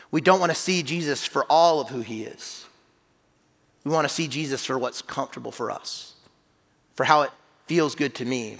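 A man preaching in a church sanctuary, his fairly high voice ringing with long reverb. He talks earnestly, repeating himself and checking in with "right?", rising to loud emphatic bursts, then dropping to quiet, low phrases. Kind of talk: sermon.

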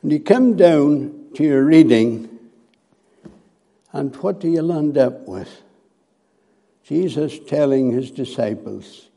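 Slow, dark-voiced male preacher. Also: on the high side, animated, gravelly. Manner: slow and deliberate, with hesitant fillers. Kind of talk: sermon.

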